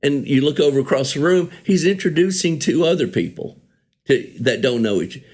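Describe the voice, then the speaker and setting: A man's voice: medium pitch, lively intonation, normal speed, darkish tone. A songwriter telling stories about an old friend in an easygoing, rambling way, often correcting himself and chuckling as he talks. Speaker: songwriter guest remembering a friend. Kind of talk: conversational storytelling.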